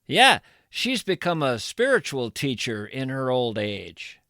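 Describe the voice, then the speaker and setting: A man's voice: medium pitch, very animated, unhurried, bright, forceful tone, no echo, clean studio sound, pitched below the performer's own voice, heavily acted. A man voicing a naive grown man who earnestly explains his choice of spiritual teacher, hesitating as he goes. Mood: sheepish.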